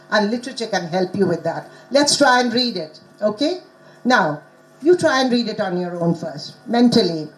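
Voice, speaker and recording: A middle-aged woman presents at a conference in a lively, teacherly way. Her voice sits a little high, and she keeps pausing to quiz her listeners and stress key words. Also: poor audio. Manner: quizzes the audience, animated teacherly emphasis. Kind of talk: interactive teaching talk.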